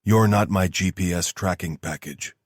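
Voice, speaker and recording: A man voicing a gruff, hard-edged male soldier leader with a curt, commanding delivery in an audiobook. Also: low voice, moderate pace, no room sound, studio quality. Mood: stern.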